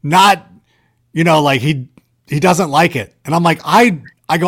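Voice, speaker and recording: A man casually telling stories on a podcast, animated and self-deprecating, filling his talk with "like" and "you know". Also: fairly high pitch, fairly quick. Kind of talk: casual storytelling chat.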